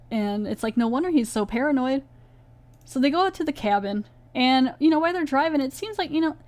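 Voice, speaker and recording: A woman hosting a podcast, casually recapping a TV episode in a chatty, animated way. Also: on the high side, dry recording. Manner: chatty, animated, retells scenes with quoted voices. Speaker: podcast host reviewing a TV episode.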